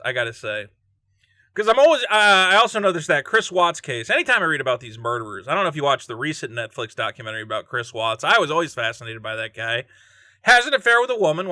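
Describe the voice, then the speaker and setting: A man's voice: on the high side, sharp tone, no echo, clean studio sound. A man reading and joking through a true-crime story as a vlogger, laughing often and breaking off into asides. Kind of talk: casual true-crime commentary.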